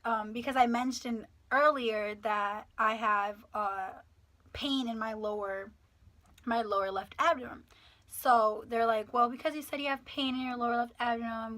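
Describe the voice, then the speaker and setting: Bright-voiced eighteen-year-old woman vlogger. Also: fairly high pitch. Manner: animated, swearing, acting out quotes. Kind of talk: casual storytime.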